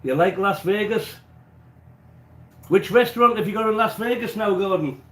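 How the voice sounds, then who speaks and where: At a normal speed, a high, slightly bright voice comes from a livestream host with an English accent, from England. He chats and answers viewers while baking in a small home kitchen that sounds roomy, with a stuffy nose and occasional coughs.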